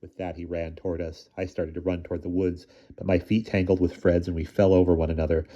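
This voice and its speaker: A man reading a children's novel aloud, narrating and acting out the boys' dialogue in raised, excited voices. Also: low voice, fast talker. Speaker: audiobook reader. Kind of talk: storybook narration. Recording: dull lo-fi recording.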